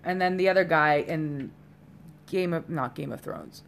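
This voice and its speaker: A woman's voice: low voice, measured pace, vocal fry. A woman hosting a solo podcast, chatting in a rambling, casual way straight to her listeners, a little tipsy. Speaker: podcast host.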